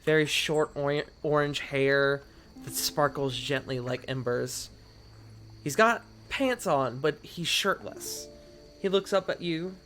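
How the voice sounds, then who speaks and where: Man, game master, tabletop narration, rambling, restarts, slightly high voice. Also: slow, a bit bright, faint music behind.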